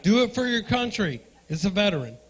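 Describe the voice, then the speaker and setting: A brash male stand-up comic riffing crudely with the crowd from a club stage. His voice sits a touch higher than most men's, and he swings between loud punchlines and muttered asides. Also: sing-song, a little fast, rough recording. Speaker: stand-up comedian and emcee. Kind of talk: stand-up comedy with crowd work.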